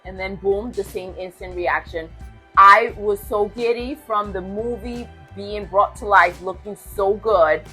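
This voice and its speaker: A woman co-hosting a gaming podcast in casual, animated chat, laughing often and teasing back. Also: medium pitch, a little slow, slightly rough, soft background music. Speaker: podcast co-host.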